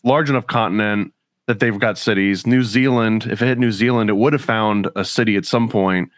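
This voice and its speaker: A man's voice: lowish voice, steady tone, brisk, dry recording, studio quality. A man co-hosting a podcast, asking analytical questions and making wry remarks in casual chat. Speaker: podcast co-host.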